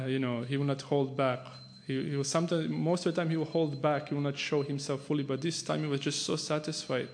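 A man giving a devotional storytelling sermon, unhurried and filled with "uh" and "you know," breaking into chanted Sanskrit verses. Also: mid-range voice, a little hiss or hum. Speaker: preacher.

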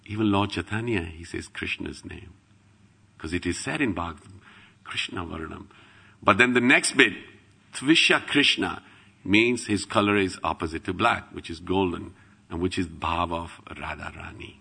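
Gravelly low-voiced man telling devotional stories. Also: normal speed. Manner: animated, swings from loud exclamations to hushed asides; laughs while telling stories. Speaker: devotional speaker. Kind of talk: devotional storytelling talk.

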